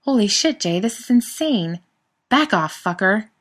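Storybook role: woman reading a crude, joking young guy, quick and cocky. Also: lowish voice, steady tone. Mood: mocking. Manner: crude, mocking, wisecracking. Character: brash joking young man.

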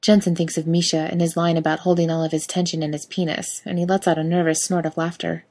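A woman's voice: fairly low pitch, flat delivery, quick pace, a little mellow. A woman narrating a story aloud in a wry, casual reading style. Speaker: reader.

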